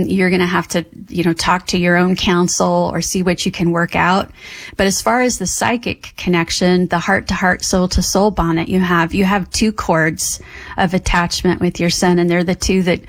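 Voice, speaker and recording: A woman with a low voice gives psychic readings to callers on a radio show. She talks in a gentle, earnest way and rambles a little as she reassures them. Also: no echo. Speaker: psychic guest.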